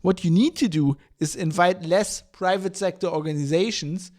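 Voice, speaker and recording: A man hosting a podcast, ranting in an exasperated, profane way with many restarts and fillers. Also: high voice. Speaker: podcast host.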